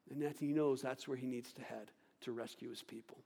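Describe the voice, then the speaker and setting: A man preaching a sermon, swinging between loud outbursts and hushed, low delivery. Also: steady tone, brisk, few pauses, breathy edge. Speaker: pastor. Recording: long hall reverb.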